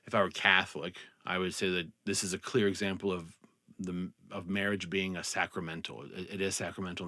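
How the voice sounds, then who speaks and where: A middle-aged man with a lowish voice speaks earnestly to his viewers, pausing and restarting as he searches for words. His voice drops quietly and he sounds close to tears. The recording is dry and close, with no room sound. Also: dry recording. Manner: earnest, halting, restarts and trails off softly. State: tearful, choked up. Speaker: vlogger and speaker. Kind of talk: reflective personal talk to camera.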